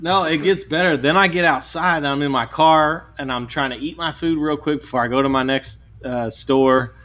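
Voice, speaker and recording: A man's voice: a little high, normal speed, fairly bright tone. Male podcast co-host, rambling storyteller who swears freely and mimics the people he quotes. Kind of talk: casual chat.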